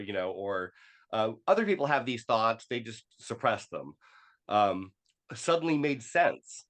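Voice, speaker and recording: Halting low-voiced man telling his story. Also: animated, a bit bright. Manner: halting, many fillers and restarts, acts out quoted dialogue. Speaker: podcast guest. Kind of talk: personal storytelling in an interview.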